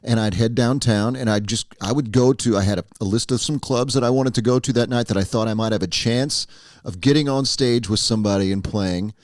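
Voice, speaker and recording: A man hosts a podcast in a relaxed, conversational way, nodding along and sharing stories of his own. His voice sits at an average pitch, and the recording is dry with no room sound. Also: a little fast, dry recording. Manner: easygoing, affirming listener. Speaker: podcast host. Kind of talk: casual interview chat.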